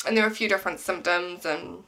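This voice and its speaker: A young woman with a bright voice chats casually to camera in a personal vlog. She rambles, fills her sentences with "um" and "like", and keeps the talk loose and chatty. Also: on the low side, steady tone, fast, gravelly. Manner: rambling, many ums and likes. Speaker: pregnancy vlogger. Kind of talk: casual pregnancy update vlog.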